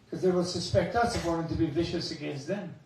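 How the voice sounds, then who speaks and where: A man with a raspy, gravelly voice pitched a little high gives a Buddhist talk, telling animated stories with chuckling asides. He sounds distant from the mic. A long, booming hall echo surrounds every word. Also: fast, slight background noise. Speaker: Buddhist scholar giving a talk. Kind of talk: dharma talk with anecdotes. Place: temple hall.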